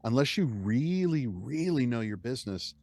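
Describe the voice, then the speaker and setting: Appearing as an interview guest, an American man who narrates audiobooks talks with animation in a casual way. His voice is mid-range and his speed normal, and he comes across as a talkative storyteller quick to laugh.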